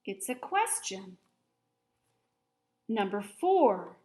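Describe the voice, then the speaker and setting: A woman teacher giving a recorded grammar lesson for children, explaining patiently, clearly and step by step. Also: mid-range voice, sing-song, extremely slow, warm tone.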